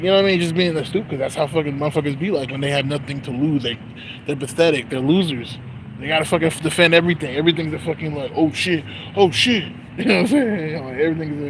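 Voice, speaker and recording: Man, fairly high-pitched, rambling street-side storytelling vlog, swears constantly, light background noise. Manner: profane, rambling, lots of filler phrases. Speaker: vlogger. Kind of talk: casual storytelling rant.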